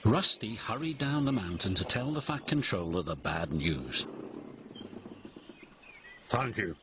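A man narrating a children's read-along storybook in an expressive, dramatic way. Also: on the low side, normal speed, noisy background. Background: music.

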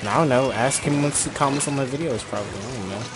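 A man hosting a gaming video, chatting casually and joking with friends while playing. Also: mid-range voice. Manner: joking, excitable, quick rambling asides. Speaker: gaming channel host. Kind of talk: casual gameplay chat. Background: game music.

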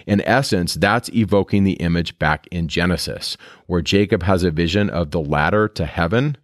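Low-voiced man teaching scripture. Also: normal speed, few pauses, no room sound, studio quality. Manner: reads verses aloud, then explains them conversationally. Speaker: scripture podcast host.

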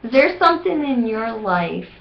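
An older woman reading a picture book to children, talking in a gentle, grandmotherly way. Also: a little high, sing-song, normal speed, vocal fry, background noise. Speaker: storybook reader. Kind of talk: children's read-aloud with gentle advice. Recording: roomy, dull home recording.

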